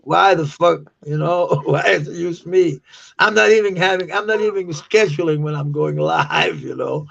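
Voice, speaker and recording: A man in his forties, a non-native English speaker whose first language is Danish, chatting casually on a live stream, laughing and swearing a lot, and mocking slang in loud, high quotes. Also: moderate pace, vocal fry. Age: 40s. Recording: dull lo-fi stream audio.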